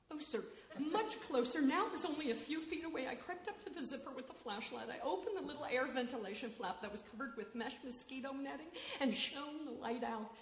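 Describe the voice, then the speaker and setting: A woman reading a story aloud expressively, with dramatic pauses and hushed suspense. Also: high voice. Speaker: reader. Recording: echoey hall, faint noise.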